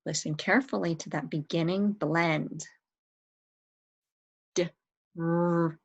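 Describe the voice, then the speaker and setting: Slow, patient woman teaching spelling. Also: fairly low pitch, rough recording. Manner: sounds out and spells words letter by letter; patient, encouraging. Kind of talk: slow spelling lesson for young children.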